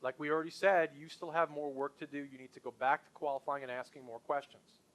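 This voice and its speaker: Middle-aged man, sales trainer, slightly high voice, lively and punchy, talks straight to a group. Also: fast talker. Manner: enthusiastic, conversational, punchy.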